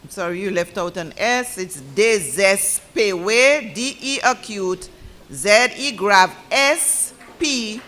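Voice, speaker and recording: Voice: mid-range voice, lively intonation, slow pace, bright, forceful tone. A spelling bee pronouncer who speaks formally and corrects contestants letter by letter. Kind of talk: slow, deliberate word pronouncing and spelling.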